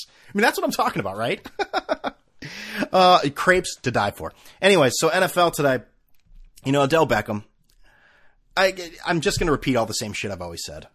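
A man hosting his own podcast at home on a desk microphone, ranting casually with profanity and sarcasm, swinging between low mutters and loud outbursts. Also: very animated, normal speed. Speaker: podcast host. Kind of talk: casual solo podcast rant. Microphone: desk microphone with camera.

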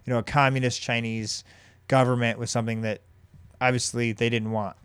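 A man hosting a podcast who tells a story in a rambling casual way, with many pauses and restarts. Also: mid-range voice, level tone, clear, resonant tone, dry recording. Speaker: podcast host.

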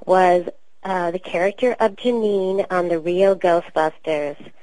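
A woman voice actor from Queens with a New York accent, telling stories in a chatty, relaxed interview. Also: fairly low pitch, unhurried, no room sound, low-quality recording. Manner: chatty, storytelling, relaxed with many fillers. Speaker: voice actor guest. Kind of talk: casual interview talk.

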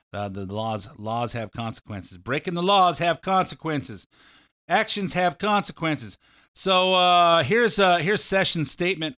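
A man's voice: medium pitch, a bit bright, smooth, no echo, clean studio sound. A male talk radio host giving rambling, opinionated commentary with frequent fillers.

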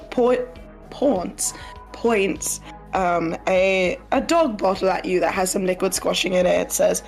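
A woman running a tabletop game as game master, describing scenes with halting fillers as she goes. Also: medium pitch.

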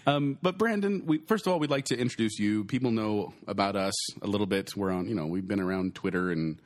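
A man's voice: fairly low pitch, a little fast. A young man co-hosting a casual podcast, joking around and running the show. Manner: jokey, lively, often puts on silly voices. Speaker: podcast co-host.

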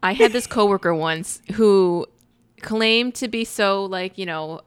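A woman co-hosting a podcast, telling stories quickly in a casual chat with many asides. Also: mid-range voice, smooth, no room sound, clean studio sound. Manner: rapid, animated storytelling with frequent asides. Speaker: podcast co-host. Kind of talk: casual chat recapping a film.

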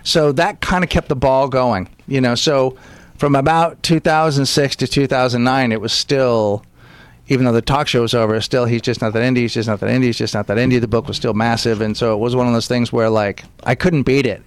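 A comedian talks through his stories with lively energy, dropping into voices for the people he quotes. The sound is dry and close, with no room around it. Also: medium pitch, a little fast, no echo. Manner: animated, acts out quotes in character voices. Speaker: stand-up comedian, guest. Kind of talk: casual interview storytelling.

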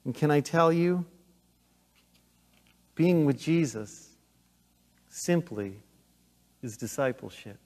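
A middle-aged pastor delivers a sermon with a fairly high voice and an unhurried, deliberate pace. He moves between loud, urgent emphasis and hushed, intense moments. His voice rings out with a long reverb, as in a church sanctuary. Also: expressive.

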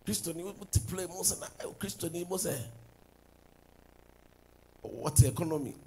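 A man preaching a sermon as pastor, swinging from loud declarations to low asides. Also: normal speed, soft background music, low-quality recording.

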